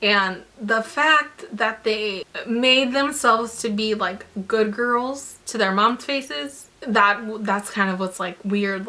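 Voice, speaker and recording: Young woman vlogger, storytime chat, bright voice, kinda high, says like a lot. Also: takes it slowly, few pauses. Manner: animated, filler-heavy retelling with lots of "like". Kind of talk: casual storytime vlog.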